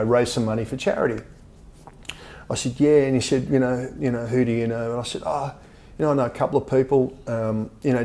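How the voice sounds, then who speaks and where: An older man with an Australian accent tells long stories as a podcast guest, stumbling over his words and calling the host mate. His voice is mellow and dark. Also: medium pitch, a little hiss or hum. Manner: rambling, repeats words, often says mate. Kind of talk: storytelling in a casual interview.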